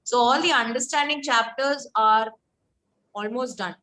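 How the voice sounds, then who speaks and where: A woman tutoring a student in an online lesson, talking casually with many pauses and fillers. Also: on the high side, pushed and bright, slight background noise, low-quality recording. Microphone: video call.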